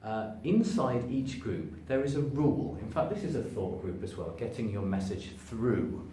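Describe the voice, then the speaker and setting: A man teaching English pronunciation to camera, stretching and stressing words to show each point, stepping toward and away from the camera. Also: moderate pace. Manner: demonstrates stress by stretching words, lively shifts in pitch. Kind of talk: spoken English lesson to camera. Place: room standing before a sign. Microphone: camera at a distance, moving toward and away from it. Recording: echoey room, voice from a distance, faint background noise.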